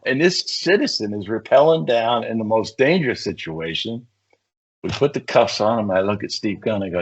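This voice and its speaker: An older man, a retired police negotiator, telling animated stories in casual conversation and acting out the people he quotes. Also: lowish voice, normal speed, breathy edge. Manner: animated anecdotes, acts out quoted voices. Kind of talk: casual storytelling. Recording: muffled lo-fi sound.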